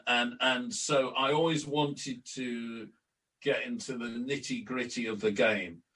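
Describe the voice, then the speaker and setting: A man's voice: medium pitch, a bit bright. Older man telling stories, set back from the mic. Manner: anecdotal, acts out quoted exchanges, frequent restarts. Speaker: interview guest, former club announcer and editor. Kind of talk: storytelling in a relaxed podcast interview. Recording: distant from the mic.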